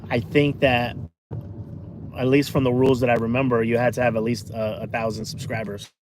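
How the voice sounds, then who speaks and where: A man's voice: mid-range voice, level tone, fairly quick. A man in his forties chatting casually on a live stream from his car, rambling through stories with lots of fillers and restarts and reading out viewer comments, recorded on a phone. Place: in a car, driving around town. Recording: car and street noise behind.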